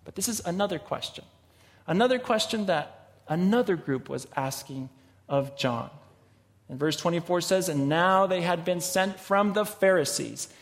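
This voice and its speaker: A man preaching a sermon and reading scripture, slow and emphatic, with sudden rises in loudness. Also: high voice, animated. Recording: long hall reverb.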